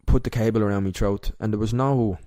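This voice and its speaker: Deep-voiced young Irish man, candid. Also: fairly even intonation, dark tone, no echo, clean studio sound. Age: young adult. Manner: candid, emotional, halting. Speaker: podcast guest. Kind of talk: personal storytelling in interview.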